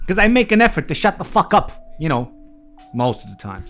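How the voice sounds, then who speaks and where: A man talking straight to his viewers in a heated, foul-mouthed rant, hammering his points home. His voice sits a little higher than most men's. Soft guitar music plays faintly underneath. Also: big pitch swings, fairly quick. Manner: heated, swearing, emphatic rant. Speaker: vlogger. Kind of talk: candid profane monologue.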